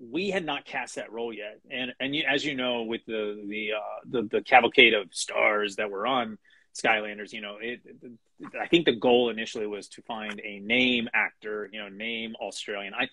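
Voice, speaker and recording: A man's voice: lowish voice, fairly even intonation, moderate pace, pushed and bright, dry recording. A middle-aged man, a guest animation writer, chatting casually in an interview with many restarts, fillers and small chuckles.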